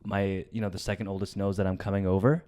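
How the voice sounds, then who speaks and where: A young man with a low, smooth and resonant voice tells a personal story on a comedy podcast. He talks casually and swears freely. His sentences often sink into quieter, trailing asides. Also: flat delivery, fast. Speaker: podcast co-host. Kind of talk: casual chat.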